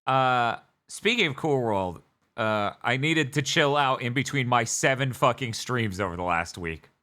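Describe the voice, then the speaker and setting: A man hosting a podcast, rambling through an animated casual story. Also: medium pitch, a little slow. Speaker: podcast host. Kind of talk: casual chat.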